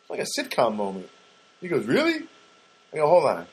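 With big pitch swings, a quick pace, and a slightly rough medium-pitched voice, a man hosts a podcast and rambles casually through a story, full of fillers and restarts, speaking straight to listeners. The audio is poor.

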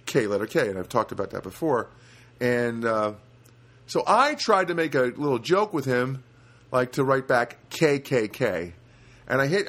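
Rambling podcast host from New Jersey. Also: male voice, medium pitch, sing-song, normal speed, a bit bright. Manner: rambling, many fillers and restarts. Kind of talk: casual solo podcast monologue. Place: studio apartment.

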